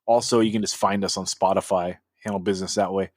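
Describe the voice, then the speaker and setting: A man's voice: deep voice, steady tone, quick pace, dry recording, studio quality. A man co-hosting a music podcast, talking loosely with lots of fillers and casual swearing. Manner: loose and profane, heavy on filler words. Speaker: podcast co-host. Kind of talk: casual chat.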